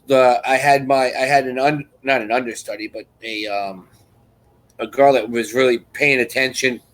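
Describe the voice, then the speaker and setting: Hosting a live chat, a man with a medium-pitched, fairly bright, steady voice speaks at normal speed on a low-quality recording. He tells a rambling, repetitive story, restarting sentences and performing others' lines in quoted voices.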